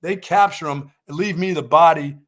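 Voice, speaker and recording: A man's voice: fairly high pitch, normal speed, fairly bright tone. A man co-hosting a sports radio show, telling joking stories in casual chat. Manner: joking storyteller, laughs at himself.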